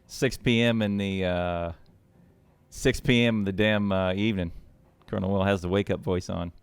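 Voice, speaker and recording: A man hosting and casting a game match on a live stream, chatty and quick to laugh. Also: low voice, steady tone, smooth, no room sound. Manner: chatty, with lots of laughs and restarts. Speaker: shoutcaster and match host. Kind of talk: casual live stream talk.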